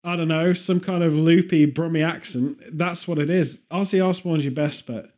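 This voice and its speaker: A man's voice: a little high, steady tone, moderate pace, a little mellow. A man from Birmingham with a Birmingham accent, chatting casually and rambling, laughing often. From Birmingham, England. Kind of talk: casual chat.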